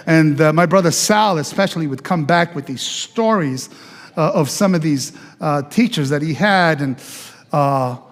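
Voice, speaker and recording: High-voiced pastor telling his testimony. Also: unhurried, long reverb tail. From Italy. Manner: conversational, chatty with fillers and audience asides. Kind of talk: testimony sermon storytelling. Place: church sanctuary.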